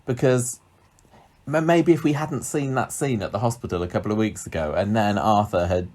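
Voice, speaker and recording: Deep-voiced man chatting casually. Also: darkish tone. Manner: playful, quick to laugh, teasing. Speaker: podcast co-host. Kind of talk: casual chat.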